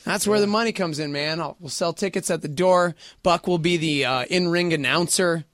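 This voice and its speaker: A man co-hosting a morning radio show, joking and excitable in casual banter. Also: a little high, moderate pace, no room sound, clean studio sound. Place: radio studio.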